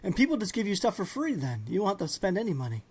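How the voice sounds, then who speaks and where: A man's voice: high-pitched, big pitch swings, fast, darkish tone, slightly rough. Teasing, joking podcast co-host man. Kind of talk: casual podcast chat.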